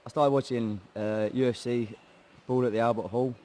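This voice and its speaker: A man's voice: medium pitch, fairly even intonation, normal speed, warm tone. A young English man with a Hertfordshire accent, a mixed martial arts fighter telling a laddish, swearing story of how he started training in a casual interview. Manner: chatty, swearing, laddish banter, acts out quoted voices. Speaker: guest, MMA fighter.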